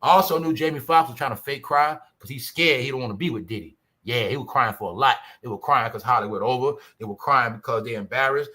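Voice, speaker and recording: Talking quickly with few pauses, this livestream commentary host has a sharp, bright voice that jumps between loud outbursts and muttering. He rants casually and animatedly, firing rhetorical questions at viewers and saying "y'all" and "huh" over and over.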